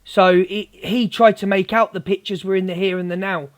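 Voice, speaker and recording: Steady in tone and moderate in pace, this male livestream host has a voice that sits high. He's in the middle of a heated rant, confronting a viewer and calling her darling again and again.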